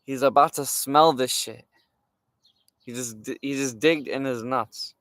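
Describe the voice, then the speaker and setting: A young man telling a story from his day in a casual, animated way, swearing and using lots of fillers. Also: medium pitch, a little slow, no echo. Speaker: streamer.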